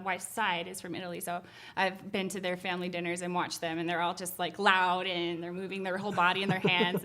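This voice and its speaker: A woman's voice: mid-range voice, fairly bright tone. A young adult woman, an actress and model, chatting in an interview in a friendly, upbeat way with frequent "um" fillers. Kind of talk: casual interview chat.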